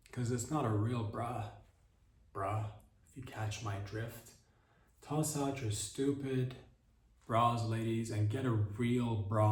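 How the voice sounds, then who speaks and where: A man hosting a podcast, riffing through a deadpan comedic monologue that mimics a mock sales pitch. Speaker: podcast host. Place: podcast studio. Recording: roomy echo, voice far from the mic.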